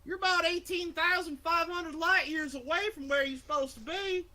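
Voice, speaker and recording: A game master puts on a folksy frontier spacer who drawls and cusses his way through every explanation. His voice sits high and bright, casual and rough around the edges. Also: fairly even intonation, moderate pace, exaggerated voice. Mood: astonished. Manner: drawling, swearing, backwoods slang. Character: folksy drawling spacer man at a remote station. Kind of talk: voicing a character in a tabletop game.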